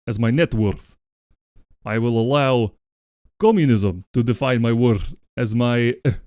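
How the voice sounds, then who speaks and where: A man's voice: medium pitch, darkish tone, no room sound, studio quality, lightly acted. A man putting on a Russian accent to voice a male goat comrade barking mock-stern self-love slogans, with swearing. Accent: put-on Russian. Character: boisterous male goat communist comrade giving pep talk. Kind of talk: comedic affirmation bit on livestream.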